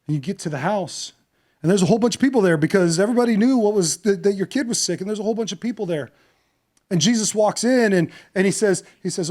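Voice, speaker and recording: A male pastor preaching a sermon, telling a story dramatically, acting out voices and moving from hushed to loud. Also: high-pitched, fast talker.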